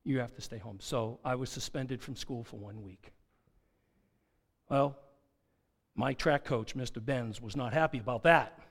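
With a gravelly, mid-range voice, a man preaches and tells a personal story. He lingers on repeated key phrases for emphasis, alternating quiet moments with loud ones.

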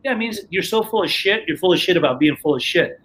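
A man's voice: high-pitched, expressive, quick pace, fairly bright tone, slight background noise. A man imitating a stern, no-nonsense male counselor who calls people out bluntly and insistently.

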